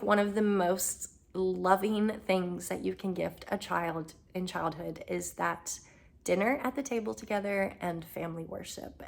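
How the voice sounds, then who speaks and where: A homeschooling mother chatting casually to the camera, upbeat and full of ums, her voice slightly hoarse. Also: on the low side.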